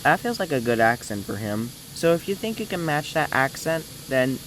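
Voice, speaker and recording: A man's voice: medium pitch, big pitch swings, normal speed, a bit bright, a little hiss or hum, poor audio. A young man hosting a casting call, talking casually in a rambling, hesitant way with many restarts. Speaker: video host running a casting call.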